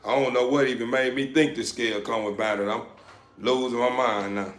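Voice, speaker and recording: Speaking fairly quickly in a steady, mid-range voice, this dog breeder talks on a live stream as he handles the dogs around him indoors. His delivery is a relaxed drawl full of repeated phrases, broken by the occasional sharp holler at the dogs. The echoey room carries a little faint noise.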